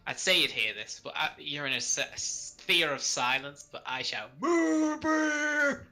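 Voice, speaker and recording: A man's voice: medium pitch, creaky, bright, forceful tone, faint music behind, rough recording. A man playing a tabletop game, talking casually and in stops and starts as he casts spells. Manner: chatty, stop-start, quick to laugh. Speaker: player casting spells.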